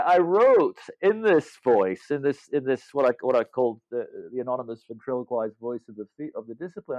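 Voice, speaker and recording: This guest, an author and legal scholar aged fifty-plus, talks at medium pitch with no room sound. The reflective interview finds him thoughtful, full of hesitations and restarts, in audio that is dull, dry and lo-fi.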